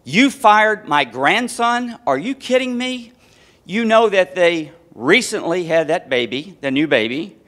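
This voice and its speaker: An upset elderly mother scolds her grown son, distraught and incredulous, her voice lifted high, as a man puts her on mid-story. Each question climbs higher. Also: animated, measured pace, fairly bright tone.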